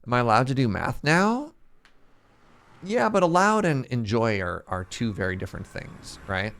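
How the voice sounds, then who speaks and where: A man's voice: medium pitch, very animated, moderate pace, vocal fry, fairly bright tone. A man streaming a survival game, casually joking with viewers and thinking aloud as he builds. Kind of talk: casual gameplay commentary, chatting with viewers.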